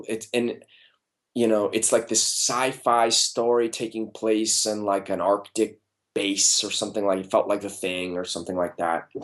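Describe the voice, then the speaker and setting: Lively, low-voiced man telling a story. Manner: animated storyteller, fillers and profanity. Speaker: comic book artist interviewee. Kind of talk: casual anecdote in an interview.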